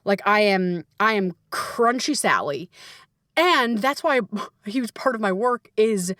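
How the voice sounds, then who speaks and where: Woman, podcast host, coach, casual chat, playful, swearing, mid pitch, dry sound. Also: slow pace, no echo. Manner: lively, swearing, playful voices and laughs. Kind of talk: casual solo podcast talk.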